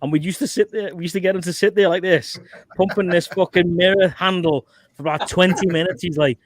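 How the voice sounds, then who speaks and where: A man's voice: high voice, fairly even intonation, fairly quick. A man hosting a livestream, swearing and laughing as he tells army stories and acts out the quotes. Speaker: host. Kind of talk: casual livestream chat.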